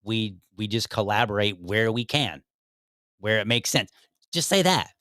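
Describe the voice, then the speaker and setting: A man's voice: fairly low pitch, animated, a little slow, a bit bright, no room sound, studio quality. A man hosting his own podcast, rambling casually with many fillers and restarts. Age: young adult to middle-aged father. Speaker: podcast host. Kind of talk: casual commentary.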